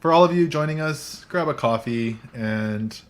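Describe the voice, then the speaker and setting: A man's voice: a little high, moderate pace, a little hiss or hum. Chatty man hosting a tech podcast. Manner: laughs often, chatty and joking. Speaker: podcast host. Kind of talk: casual chat. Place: coffee shop.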